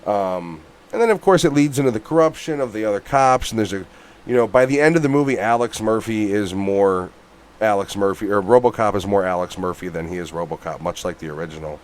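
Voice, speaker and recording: A man's voice: on the low side, a little fast. A man co-hosting a casual movie review podcast who talks bluntly, swears a lot and gets worked up. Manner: blunt, swears often, animated rants. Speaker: podcast co-host.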